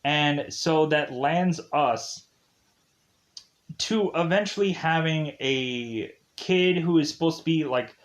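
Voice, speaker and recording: A man reviewing a TV series in a casual, rambling recap, packed with "like" and "uh" and chuckling at the plot. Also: medium pitch. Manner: rambling, leans heavily on "like" and "uh"; laughs at the plot while recapping. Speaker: TV show reviewer.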